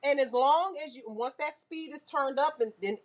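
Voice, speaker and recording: Lively woman teaching a nail class. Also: high voice, moderate pace. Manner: lively, asks the class questions, uses car comparisons. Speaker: nail instructor. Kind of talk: classroom lecture.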